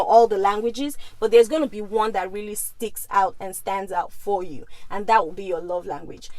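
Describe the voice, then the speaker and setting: A woman's voice: mid-range voice, dry recording, low-quality recording. A woman in her thirties from Nigeria, who also speaks Igbo, talks to her viewers in a chatty vlog and keeps checking in with "okay?". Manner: chatty, often asks okay?. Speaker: vlogger. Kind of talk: casual talk to camera.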